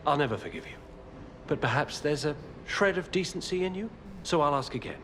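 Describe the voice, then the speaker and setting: A man's voice: fairly high pitch, brisk, a bit bright, a little hiss or hum, natural voice. A man voicing a proud, aggrieved hunter. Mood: wounded pride. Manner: haughty, formal, aggrieved. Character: proud, wounded male monster hunter called the Hound. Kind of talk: video game character dialogue.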